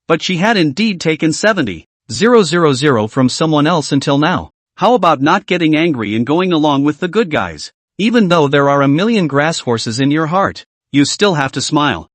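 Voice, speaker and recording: A man's voice: a little high, normal speed, few pauses, no echo. A man narrating a scripted comic story recap, reading every character's lines in his own voice. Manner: reads all dialogue in one lively voice.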